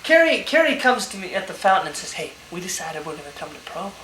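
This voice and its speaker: Young man, higher voice, lively storyteller who laughs often, recorded on a home camcorder in an echoey room with loud hiss. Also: fast talker. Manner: animated, laughing while he tells stories. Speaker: engaged man telling stories. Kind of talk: casual storytelling among friends.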